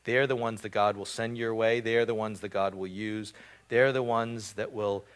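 A man's voice: lowish voice, fairly even intonation, normal speed, clean tone. A man preaching a casual sermon, with frequent fillers and repeated words. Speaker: pastor. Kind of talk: conversational sermon.

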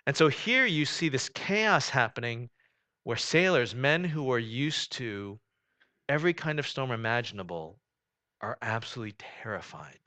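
Bright-voiced male preacher. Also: mid-range voice, lively intonation, moderate pace. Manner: conversational preaching, rising and falling in volume, frequent "you know". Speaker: pastor. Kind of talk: sermon.

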